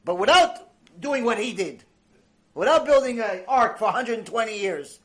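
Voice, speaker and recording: Speaking in a high-pitched voice at a normal speed, this man teaches Torah through a mussar lecture. His storytelling is animated and sprinkled with Hebrew terms, and he tends to repeat phrases.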